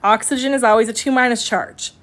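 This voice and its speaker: Slightly high-voiced woman teaching chemistry. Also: fairly even intonation, fast talker, fairly bright tone. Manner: explanatory, conversational with fillers and self-corrections. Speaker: chemistry instructor. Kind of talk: recorded lecture.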